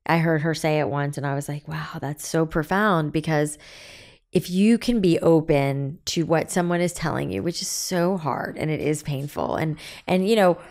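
Animated woman in her forties, lowish voice. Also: normal speed. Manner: animated storytelling, acts out quoted dialogue. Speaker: guest, business founder. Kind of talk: candid podcast interview.

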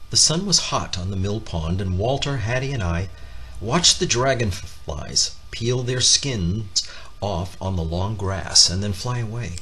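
A man reading a children's picture book aloud, expressive and lifting his voice for the characters' lines. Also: a little hiss or hum. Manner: expressive, voicing characters with raised pitch. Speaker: storybook reader.

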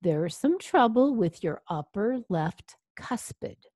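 A woman voicing a calm, kind female dentist who speaks soothingly in a storybook reading. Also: mid-range voice, slow, no echo, clean studio sound, pitched above the performer's own voice. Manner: soothing, gentle.

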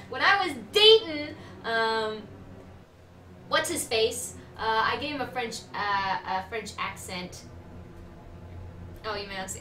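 A woman's voice: fairly high pitch, lively intonation, takes it slowly, long pauses, bright, forceful tone. A woman streaming a game, chatting casually and giggling with her viewers. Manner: chatty, giggly, talks to chat. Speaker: gaming streamer. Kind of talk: casual live-stream commentary. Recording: echoey room, distant mic, faint noise.

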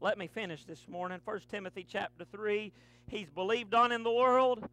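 A man, preaching a fervent sermon to his church, punctuating lines with breathy "uh"s. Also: high-pitched, fairly even intonation, normal speed, soft background music. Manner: fervent preaching with rising, shouted runs and many "uh" breaths. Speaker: pastor. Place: church sanctuary.

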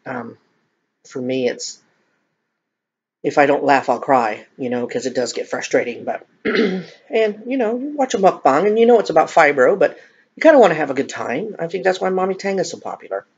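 A woman's voice: deep voice, animated, normal speed, darkish tone, breathy edge. A middle-aged woman chatting casually to viewers while eating, joking about herself. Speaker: mukbang vlogger. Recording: dull lo-fi home recording.

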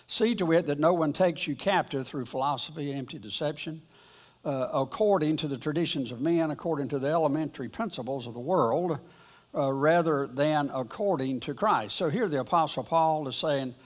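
A man giving an informal Bible lesson at church, rambling and halting, often restarting his sentences. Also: on the high side. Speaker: church teacher.

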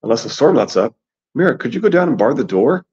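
A man's voice: mid-range voice, very animated, darkish tone, slightly rough. Man as a grim solemn boy seer. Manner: grim, level and measured. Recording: dull lo-fi recording.

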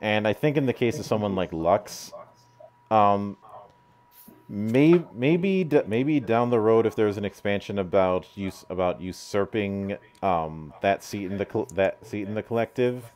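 A man's voice: fairly low pitch, expressive, measured pace, darkish tone. A man hosting an interview over a video call, hesitant and full of fillers, swearing casually. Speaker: interview host.

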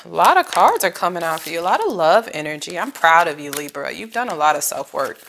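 A woman with a low voice gives a casual tarot reading, talking straight to her viewer. She is chatty and emotional and uses plenty of slang. A faint hiss runs under the recording. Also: very animated, fast, gravelly, a bit bright. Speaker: tarot reader.

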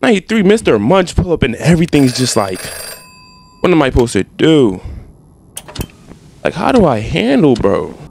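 A man's voice: fairly high pitch, normal speed, vocal fry, long pauses, a little hiss or hum. A young man doing casual, trash-talking commentary while playing a game. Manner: animated, trash-talking, slangy. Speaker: gaming streamer.

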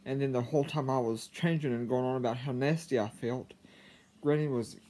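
A man telling a personal story to his viewers, halting, with frequent stammers and restarts. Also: medium pitch, steady tone, dark tone. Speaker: vlogger. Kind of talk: casual storytelling to camera.

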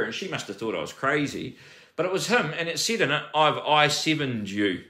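A man tells his personal story in an agitated, rambling way, breaking off and starting sentences again. His voice is fairly high and bright. The sound is roomy, with a noticeable echo. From New Zealand. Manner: agitated, rambling, with frequent restarts and swearing.

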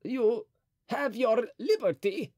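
A man voicing a scheming, frightened old Italian cardinal in an audiobook, with a shrill, crafty, nervous manner. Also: very animated, measured pace, no room sound, dull audio, full character voice. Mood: alarmed.

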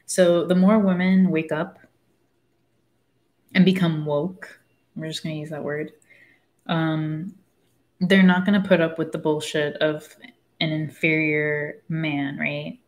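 Speaking slowly, with long pauses, a woman with a low-pitched, level voice hosts a casual spoken commentary on the book she's reading. She rambles, loses track, talks frankly and swears without restraint.

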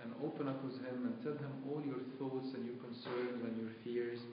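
A man's voice: mid-range voice, little pitch movement, normal speed, heavy reverb, dull audio, slight background noise. A man preaching a live church sermon, telling a story earnestly with quoted dialogue and emphatic repetition, recorded on a tablet in a church sanctuary. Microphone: tablet recording from the congregation.

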